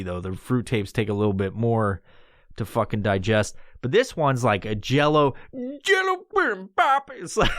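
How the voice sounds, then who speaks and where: A man's voice: mid-range voice, dry recording, studio quality. A man hosting a podcast, telling a casual story full of swearing and acted-out quotes. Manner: profane, animated, acts out quotes. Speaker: podcast host.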